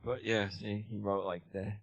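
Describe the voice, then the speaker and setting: A man's voice: on the low side, level tone, moderate pace, gravelly, no echo, lo-fi sound. A man telling a long personal story in casual chat, rambling with lots of "you know" and "like" and acting out the lines of the people in it. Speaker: guest.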